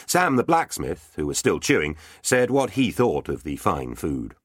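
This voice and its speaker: Deep-voiced man narrating a storybook. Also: measured pace, breathy edge, no room sound, studio quality. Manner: expressive, playful storytelling. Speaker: audiobook narrator.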